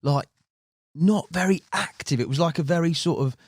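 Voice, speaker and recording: A man telling a story in casual podcast chat, animated and full of fillers like "mate", recorded in a podcast studio. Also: fairly high pitch, normal speed, slightly rough, no room sound. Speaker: team member recounting stories.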